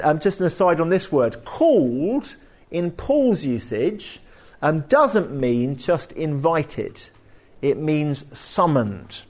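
A male preacher, his voice sitting a little high and swinging widely as he talks. He preaches in a conversational, animated way, breaking off into homely asides. The sermon is delivered in a church hall. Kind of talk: sermon with anecdotes.

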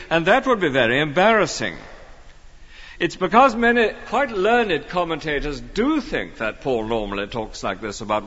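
A man's voice: fairly high pitch, a bit bright, long reverb tail, dull audio. A man preaching an expository sermon in an earnest, emphatic way. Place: church.

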